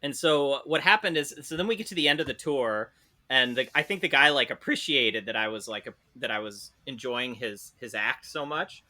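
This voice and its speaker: A man telling a funny story on a casual podcast. He is animated, swears freely and often laughs. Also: mid-range voice, moderate pace. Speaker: podcast co-host.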